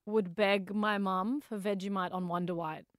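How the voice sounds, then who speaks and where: A woman's voice: medium pitch, steady tone, normal speed, no room sound, clean studio sound. A woman telling stories on a radio show, wry and teasing. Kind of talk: casual on-air chat.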